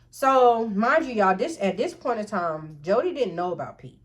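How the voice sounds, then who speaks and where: A woman's voice: mid-range voice, animated, normal speed. A woman telling a casual, profane storytime straight to her viewers. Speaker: storytime vlogger.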